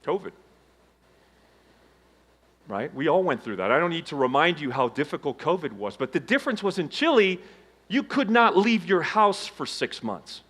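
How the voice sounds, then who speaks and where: A man in middle age delivers a motivational keynote to a live audience. His voice sits fairly high, and he shifts sharply between loud emphatic lines and quiet, low ones. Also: very animated, moderate pace, long pauses, slightly rough. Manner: dramatic swings from loud emphasis to hushed low tones. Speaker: keynote speaker. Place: conference stage before a live audience.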